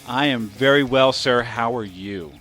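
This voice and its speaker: A man hosting a casual podcast, joking and firing quick questions. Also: medium pitch, fairly bright tone, faint music behind. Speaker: podcast host.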